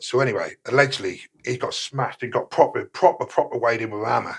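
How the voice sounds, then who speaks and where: A middle-aged man talks in a gravelly, husky voice. He rambles loosely and swears often, full of "uh" and "type of thing". It sounds like casual storytelling as a podcast guest. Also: mid-range voice, fast talker. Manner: rough, sweary, rambling with many fillers. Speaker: guest, former prisoner.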